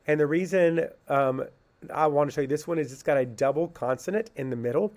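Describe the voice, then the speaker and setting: A man's voice: medium pitch, darkish tone. A man teaching a phonics lesson to children, asking a question and answering it himself, then sounding words out syllable by syllable. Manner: slow, patient, asks questions and answers them himself.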